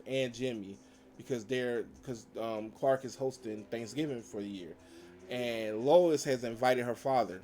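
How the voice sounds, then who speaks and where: A man's voice: mid-range voice, darkish tone, a little hiss or hum. A man reviewing cartoon episodes, retelling scenes in a loose, rambling way with acted-out quotes and frequent fillers. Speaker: show reviewer. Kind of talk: casual spoken recap.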